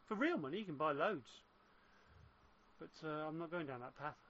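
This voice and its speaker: A man's voice: on the high side, lively intonation, normal speed, background noise. A man chatting casually about games, explaining at length with frequent restarts. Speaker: gamer in casual chat. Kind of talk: casual chat. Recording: muffled lo-fi voice chat.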